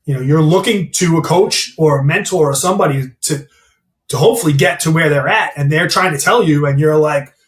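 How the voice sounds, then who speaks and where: A mindset coach who also owns a gym speaks fairly quickly in a fairly high voice during a casual interview. He's blunt and candid, swearing freely, and the roomy recording sounds like a distant mic.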